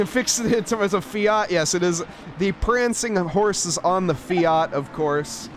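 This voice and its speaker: An American man commentates a sim race in a loose, joking way, deliberately butchering car names for laughs. His voice sits a little high. A clear hiss of background noise runs under the stream audio. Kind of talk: casual live race commentary.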